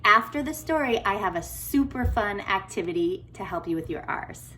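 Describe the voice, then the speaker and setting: A woman speech therapist reading a picture book aloud to children, gentle and encouraging, stopping to ask questions. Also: mid-range voice, lively intonation, moderate pace, slight background noise. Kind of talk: read-aloud lesson for kids.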